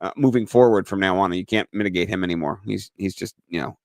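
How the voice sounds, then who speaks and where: A man's voice: deep voice, quick pace, dry recording. A middle-aged man talks casually as co-host of a fantasy football show. He tells his stories with energy and acts out the voices of the people in them. The recording is dry and close. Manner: animated storyteller who acts out other people's voices. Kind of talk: casual chat.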